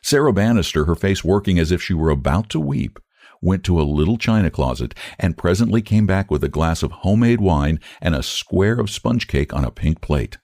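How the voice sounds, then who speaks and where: A man reading a classic short story aloud in a measured, expressive narrating voice. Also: sits low, dry recording, studio quality.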